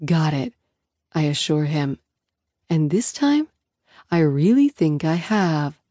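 Woman, first-person audiobook narration, reflective, low, mellow, dry close sound. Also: big pitch swings, takes it slowly, no echo. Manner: intimate, reflective storytelling.

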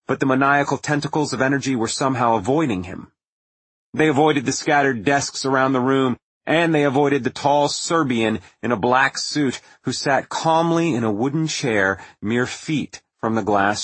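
A man reading a novel aloud as an audiobook narrator, in a measured, even storytelling manner. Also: medium pitch, slightly rough, no echo. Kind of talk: scripted narration.

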